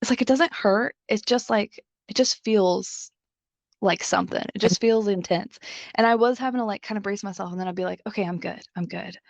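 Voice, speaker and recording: A woman's voice: mid-range voice, brisk, vocal fry, dry recording. A young adult woman co-hosting a podcast, telling a personal story in a casual, chatty way and leaning heavily on the filler "like". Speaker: podcast co-host.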